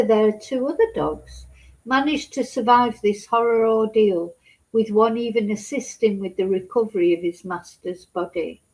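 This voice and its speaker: Reading a news story on her vlog, a woman breaks off for hesitant personal comments and becomes upset. She has a medium-pitched, soft-spoken voice and a chatty manner packed with fillers. The recording is rough.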